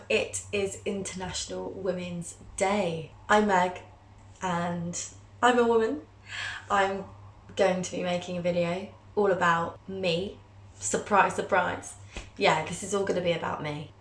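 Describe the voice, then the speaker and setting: A young woman, in her twenties, talks straight to camera in a casual, open way. She is candid and self-mocking, with a playful flair for drama. Her voice sits a little low, and the recording is roomy, with noticeable echo. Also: slight background noise. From England. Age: 20s. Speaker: vlogger, journalism student. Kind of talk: casual personal storytelling to camera. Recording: roomy, echoey sound.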